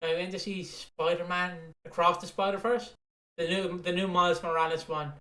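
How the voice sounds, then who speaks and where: A man's voice: high-pitched, flat delivery, normal speed, sharp tone. A man co-hosting a podcast, telling stories in a rambling way with many fillers and casual swearing. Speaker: podcast co-host. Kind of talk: casual chat. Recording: roomy echo.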